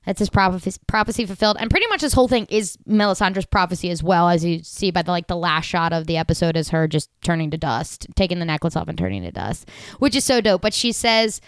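Young female co-host, excitable recapper, smooth tone, dry close sound. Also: on the low side, fast, dry recording. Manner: gushing, animated, lots of "like" fillers. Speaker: podcast co-host. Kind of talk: casual recap chat.

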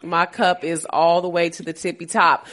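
A woman's voice: fairly low pitch, level tone, normal speed, a bit bright. A woman hosts a laid-back sports podcast in a chatty, playful way. A cold has left her voice stuffy and nasal. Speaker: podcast host. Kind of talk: casual sports podcast chat.

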